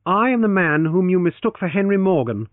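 A man's voice: high-pitched, very animated, a little fast, no room sound, pitched above the performer's own voice. Casting: man playing a playful, cocky young hero, raised voice, storybook reading, phone-like audio. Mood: earnest. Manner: teasing, playful. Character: teasing confident young man, grave when serious. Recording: tinny phone-like, dry.

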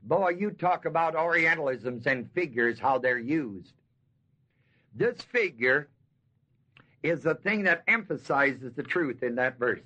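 Slightly high, expressive, bright and forceful, a man's voice teaches an expository sermon on a Bible passage. He speaks in a folksy way, giving key words long, emphatic stress and asking the audience questions, on a dull lo-fi sermon tape.

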